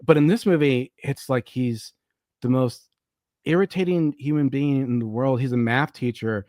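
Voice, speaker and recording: A man's voice: mid-range voice, normal speed, no room sound. Guy hosting a podcast, ranting about a bad movie, swears a lot, dry sounding. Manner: animated storyteller, swears, acts out quotes. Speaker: podcast host. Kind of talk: casual movie review chat.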